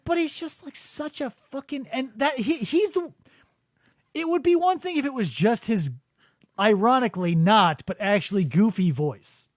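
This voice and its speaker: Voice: medium pitch, lively intonation, normal speed, dry recording. A podcast host riffing sarcastically in casual comedic chat, breaking into impressions, on a studio microphone.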